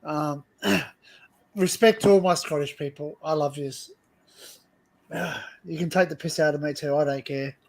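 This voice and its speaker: A man's voice: fairly high pitch, steady tone, unhurried, gravelly, darkish tone. An Australian man hosting a casual livestream chat, rambling and laughing often, repeating words as he talks. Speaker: livestream host.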